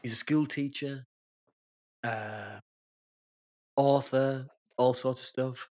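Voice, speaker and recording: A man co-hosting a podcast in casual chat, chatty and friendly and quick to laugh. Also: mid-range voice, steady tone, a little mellow. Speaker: podcast co-host.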